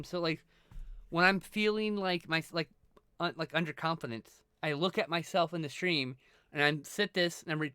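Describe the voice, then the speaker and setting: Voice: mid-range voice, clean tone, no echo, studio quality. A live streamer chatting casually with viewers, thanking them and swearing freely. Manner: greets and thanks viewers warmly.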